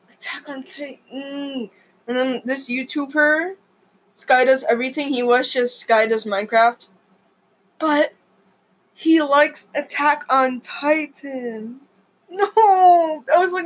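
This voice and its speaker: A young woman vlogging in a rambling, excitable way, full of fillers and exclamations. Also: a little high, poor audio. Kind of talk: rambling casual vlog.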